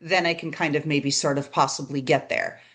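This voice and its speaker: A woman's voice: deep voice, steady tone, moderate pace, fairly bright tone. A woman hosting a business podcast, chatty and often checking in with her guest. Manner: chatty, tags statements with "right?". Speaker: podcast host. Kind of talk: conversational interview.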